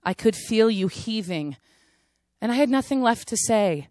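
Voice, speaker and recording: A woman performing her own spoken word poem, telling it in a hushed, intense way that swells at times. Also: on the high side, lively intonation, unhurried, no echo. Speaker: poet. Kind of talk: spoken word poetry reading.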